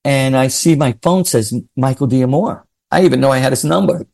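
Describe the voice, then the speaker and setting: A middle-aged man, a singer guest, telling stories excitedly and acting out what people said. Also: mid-range voice, fairly quick, creaky. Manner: excitable storyteller, acts out quotes, laughs often. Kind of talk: casual interview chat.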